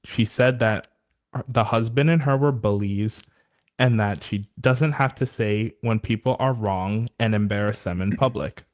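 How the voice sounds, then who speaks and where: A man's voice: on the low side, measured pace. A young man hosting a casual podcast, reading a listener story aloud and laughing often. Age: young adult. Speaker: podcast host.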